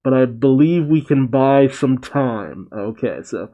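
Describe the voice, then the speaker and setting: A man's voice: medium pitch, animated, measured pace, lo-fi sound. A man reading a manga chapter aloud and narrating its dialogue, breaking off for dry, wry comments of his own. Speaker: manga reaction host.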